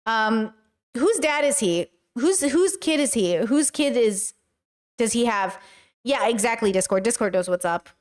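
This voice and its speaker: A woman's voice: fairly high pitch, animated, measured pace. A woman hosting a reaction commentary, talking to her chat in a heated, profane rant. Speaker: commentary host.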